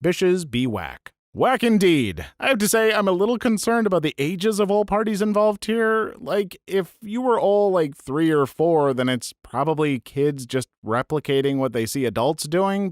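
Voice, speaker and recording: A man reads online stories aloud and breaks in with wry, joking asides. His voice sits a little high, and his pitch rises and falls a lot. The recording is dry and close. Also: no room sound. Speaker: narrator.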